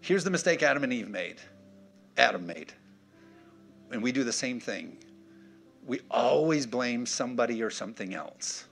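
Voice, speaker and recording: A man's voice: medium pitch, expressive, moderate pace, gravelly, long pauses, fairly bright tone, faint music behind. A man preaching a sermon, emphatic and punchy, checking in with his congregation. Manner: emphatic, punchy, call-and-response. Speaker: pastor.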